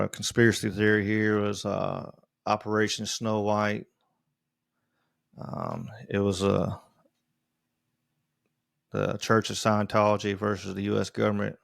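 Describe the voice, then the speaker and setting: A man talks through a casual solo podcast, rambling along with plenty of ums and restarts. His voice sits fairly low with a gravelly fry. The recording is dry and close, with no room sound. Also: no echo. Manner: rambling, halting, with many fillers and restarts. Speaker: podcast host.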